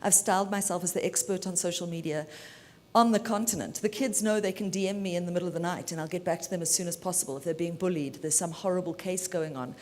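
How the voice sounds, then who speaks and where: A woman from South Africa giving a brisk, chatty and self-assured talk as a media lawyer at a conference. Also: darkish tone. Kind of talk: keynote talk. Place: conference hall. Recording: reverberant hall, faint rumble.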